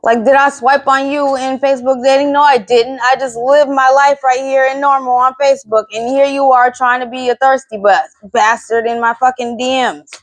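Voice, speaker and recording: The recording is dry, capturing a high, steady voice at normal speed with hardly any pauses. It belongs to a woman in her thirties hosting a solo podcast, where she rants bluntly, profanely, and in exasperation.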